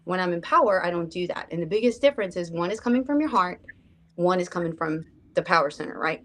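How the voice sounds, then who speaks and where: A woman's voice: lowish voice, lively intonation, quick pace, a bit bright. A woman speaking on a roundtable panel, earnest, often checking in with "right?". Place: room with a group.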